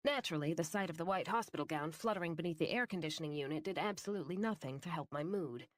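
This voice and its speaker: Audiobook narrator: woman, first-person fantasy read, low-ish voice, wry, dead-dry booth sound. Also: quick pace, no room sound.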